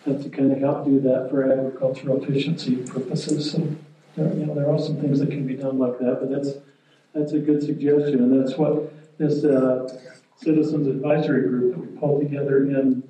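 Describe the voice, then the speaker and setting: A man explaining water policy at a public meeting in a plain, measured way, with many restarts. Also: mid-range voice, level tone, warm tone. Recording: roomy, distant, muffled, faint noise.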